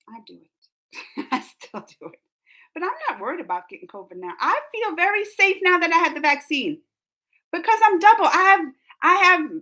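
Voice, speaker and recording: High-voiced woman chatting on a live stream. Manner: rambling, animated and indignant, with quick laughs. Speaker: streamer reading live chat. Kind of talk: casual live-stream chat.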